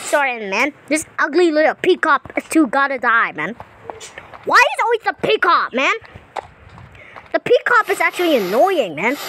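A woman giving playful gameplay commentary, excitable and repetitive, talking to the characters on screen. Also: extremely high pitch, slight background noise, rough recording. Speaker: gameplay channel host.

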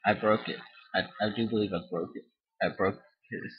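A young man gives goofy, giggly let's-play commentary on an online board game, breaking into silly made-up songs. His voice is lowish, husky and brisk with fairly even intonation, captured in a dull lo-fi home recording.

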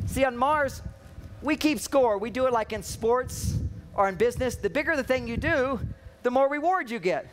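A man's voice: extremely high pitch, expressive, normal speed, background noise. A man giving a humorous seminar talk on an outdoor stage, playfully acting out the voices he quotes. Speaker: seminar speaker. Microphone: microphone catching wind.

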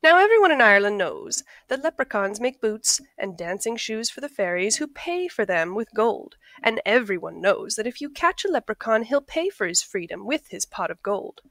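A woman reading a picture book aloud in a friendly, expressive storytelling voice. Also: fairly high pitch, moderate pace, hardly any pauses, no room sound. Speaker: storybook reader.

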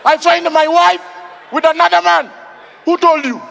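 A man playing a flustered village man at an acting audition who keeps shouting in indignation. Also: high voice, sing-song, normal speed, a faint crowd, slight background noise, exaggerated voice, rough recording. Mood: indignant.

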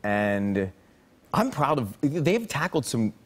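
Lively man telling a story. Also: mid-range voice, slow, slightly rough. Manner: animated storyteller, acts out quotes. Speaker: guest. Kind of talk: talk show anecdote. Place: TV studio with audience.

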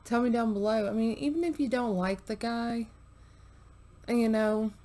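A woman's voice: fairly high pitch, moderate pace, warm tone. Chatty woman reacting to a video. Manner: chatty, frequent fillers, drops to murmurs. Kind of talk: casual chat to viewers.

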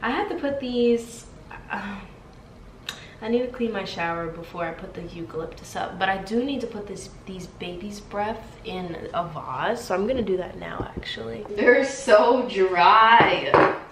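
Young woman vlogging at home, fake british accent, slow sassy chat, echoey room. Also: medium pitch. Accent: put-on British. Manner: chatty, sassy, slow and drawn out. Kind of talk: casual vlog chat. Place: her home, indoors. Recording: roomy echo, faint room noise.

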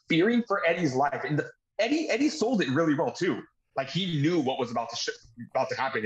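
A man with a mid-range voice recaps a wrestling show in casual podcast chat. He strings events together in long, steady narration, easygoing and conversational. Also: mid-range voice, dull audio. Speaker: podcast host.

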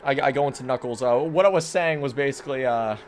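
A young man doing let's play commentary, hyper and rambling, joking around and breaking into sudden loud outbursts. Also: mid-range voice, fast talker, a little hiss or hum. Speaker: gaming commentator. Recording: faint game music behind.

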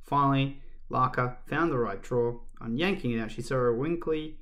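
A man reading a children's book aloud in a lively, expressive way. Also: mid-range voice, normal speed. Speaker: storyteller.

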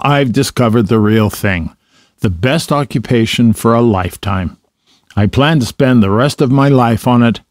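A man's voice: medium pitch, darkish tone, no room sound, clean studio sound, close to an everyday voice. A man voicing a rich, boastful male toad who gushes and exclaims over his latest fancy.

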